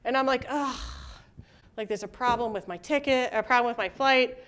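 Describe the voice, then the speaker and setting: A woman with a high voice talks casually to a conference audience. She is middle-aged and keeps things light with quick asides and jokes. She slips into little voices whenever she acts out other people. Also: fairly bright tone. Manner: chatty, jokey, with quick asides and laughs. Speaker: conference presenter. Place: conference room with live audience.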